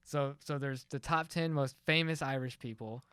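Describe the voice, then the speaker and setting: A man's voice: medium pitch, moderate pace, fairly bright tone, clean tone, no room sound, studio quality. A young man co-hosting a podcast, talking in a loose, rambling way with lots of fillers. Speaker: podcast co-host. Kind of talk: casual chat.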